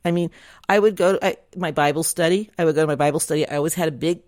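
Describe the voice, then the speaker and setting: A woman's voice: low-pitched, rapid-fire, a little mellow, no room sound. Middle-aged woman, opinionated casual chat, close dry sound. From Southern United States. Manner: opinionated, chatty, rambling with restarts. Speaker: vlogger. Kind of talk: casual monologue to camera.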